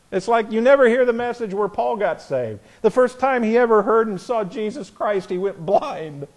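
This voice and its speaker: A man delivers a verse-by-verse Bible sermon in an animated way, acting out the voices of characters in the stories and chuckling at his own points. His voice is high and his pace moderate.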